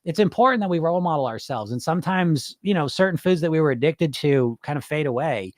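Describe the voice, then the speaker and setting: A man's voice: fairly high pitch, lively intonation, quick pace, no echo. Man, middle-aged, weight loss coach, casual live-stream chat, rambling, loose swearing, dry recording.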